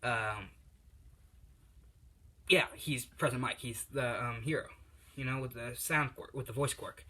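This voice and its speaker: A man's voice: mid-range voice, measured pace, pauses often, bright, forceful tone. A man voicing a strong, kindly adult male hero in a fan story, in a plain and hesitant voice with fillers. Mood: concerned.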